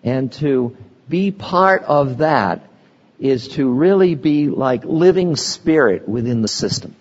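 An older man giving a slow, meditative spiritual talk, pausing between words, recorded lo-fi in a reverberant hall. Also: mid-range voice, lively intonation. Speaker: spiritual teacher.

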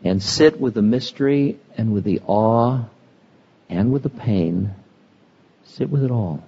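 An older man giving a slow, meditative spiritual talk, pausing between words, recorded lo-fi in a reverberant hall. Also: lowish voice, lively intonation, gravelly, dark tone, slightly rough. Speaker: spiritual teacher.

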